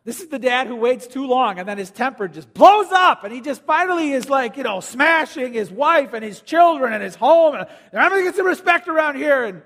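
A man preaching a sermon as pastor in a church, animated and joking with the congregation, now and then acting out quoted voices. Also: very high voice, moderate pace, few pauses. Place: church auditorium. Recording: long hall reverb.

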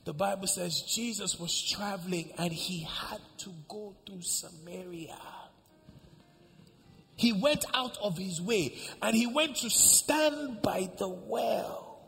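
A male pastor preaching a sermon, telling a story and acting out the dialogue, moving between hushed lines and loud ones. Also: high-pitched, slow pace, creaky, soft background music. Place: large church hall. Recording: echoey church hall with faint ambience.

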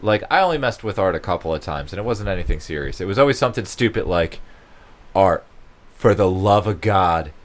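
A man's voice: low-pitched, animated, brisk. A man in casual chat, telling a story, swearing and laughing often.

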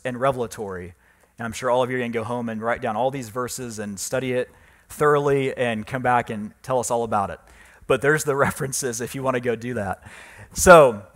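Emphatic man preaching a sermon. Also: mid-range voice. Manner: emphatic preaching, rising loud on key phrases, slowing for stress. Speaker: pastor.

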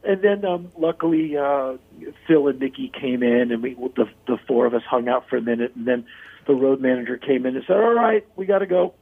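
A man's voice: medium pitch, a little fast, breathy edge. A man telling a story in a casual interview, talking animatedly with many "like" and "you know" fillers. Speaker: interview guest. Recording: phone-like narrow-band audio.

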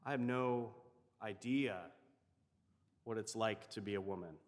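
A man's voice: fairly low pitch, measured pace, big-room sound. Reflective male chaplain telling a story. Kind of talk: storytelling sermon.

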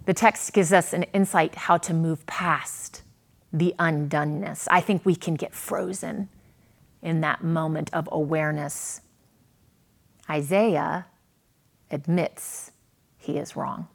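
A woman preaching a sermon, earnest, with dramatic pauses and a voice that swells and drops. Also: deep voice, steady tone, gravelly. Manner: earnest, dramatic pauses, rises and falls in volume.

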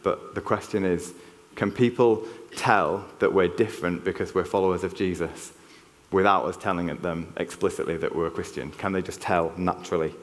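A man's voice: deep voice, fairly even intonation, normal speed. A man with a Yorkshire accent preaching a church sermon in an earnest, conversational way, often restarting his sentences. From Yorkshire, England. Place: church hall. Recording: long reverb of a church hall.

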